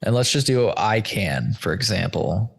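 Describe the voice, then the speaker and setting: A man's voice: on the low side, animated, unhurried, vocal fry, breathy edge. A man hosting a podcast in casual chat, loose, rambling and profane, addressing listeners as folks while walking through a shared screen. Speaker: podcast host.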